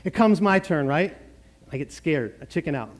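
Guy pastor giving a sermon, high-ish voice, jokey and chatty, laughs a lot. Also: animated, moderate pace. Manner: joking, conversational, laughs often.

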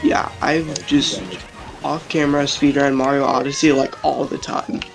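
A man's voice: medium pitch, little pitch movement, moderate pace, gravelly, soft background music. A man streaming a kart-racing game, chatting casually and rambling over voice chat.

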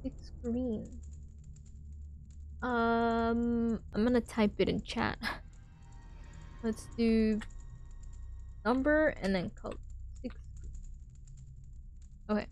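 A woman playing a video game and commenting on it, speaking softly and half whispering in quiet parts. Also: a little high, steady tone, drawn-out words, long pauses. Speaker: gamer.

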